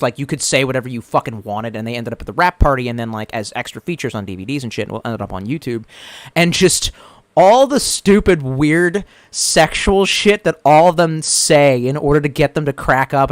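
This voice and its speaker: A man's voice: medium pitch, clean tone, no room sound. A man streaming live, reading viewers' comments and rambling casually with lots of swearing. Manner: profane, rambling, retells jokes with put-on voices. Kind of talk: casual chat.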